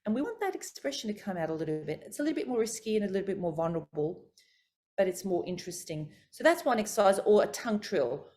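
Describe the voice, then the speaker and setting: A middle-aged woman vocal coach teaching a workshop, talking through voice warm-ups with expressive, demonstrative delivery. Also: quick pace. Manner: expressive, demonstrates pitch and articulation.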